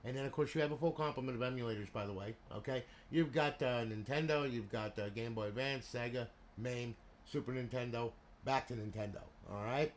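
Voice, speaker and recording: A chatty man talks through a console he has built, leaning on "you know" and "okay" as he goes. His voice sits at a middle pitch for a man. A faint noise floor runs under the recording. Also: brisk, few pauses. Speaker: console modder and seller. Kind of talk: casual product walkthrough.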